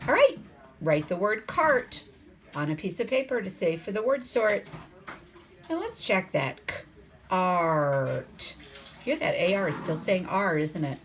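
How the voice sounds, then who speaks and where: A woman teaching a phonics lesson to young children, sounding out letters slowly and asking the class coaxing questions. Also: mid-range voice, big pitch swings, a little hiss or hum. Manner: slow, sounds out letters and words.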